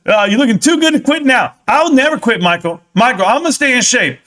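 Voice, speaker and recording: Young guy hosting a live stream, high bright voice, gets loud and hyped. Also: animated, brisk. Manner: hyped, yelling at times, reading chat aloud. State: sweating in a helmet. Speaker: livestream host. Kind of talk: excited live stock-market stream.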